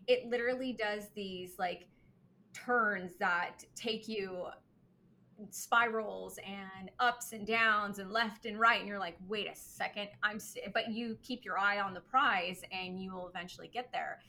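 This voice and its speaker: A woman's voice: mid-range voice, steady tone, unhurried, pushed and bright. A woman hosting an interview, answering her guest with enthusiastic, affirming chat. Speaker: podcast host. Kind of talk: conversational interview.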